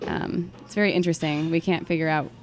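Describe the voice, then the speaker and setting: A young woman with a slightly low voice chats about her day at work. She speaks haltingly, restarting her sentences and padding them with "um" and "like". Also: steady tone, soft background music. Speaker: brewery staff. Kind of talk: casual chat.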